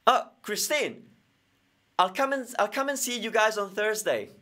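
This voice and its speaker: A man's voice: high-pitched, animated, normal speed, bright, forceful tone. A man with Italian as his first language, teaching grammar in a live-streamed question and answer lesson, explaining with everyday examples.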